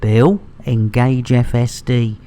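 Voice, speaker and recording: A man's voice: mid-range voice, steady tone, slow, dark tone. A man casually bantering while streaming a game, rambling and joking with laughs. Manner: jokey, rambling, laughs a lot.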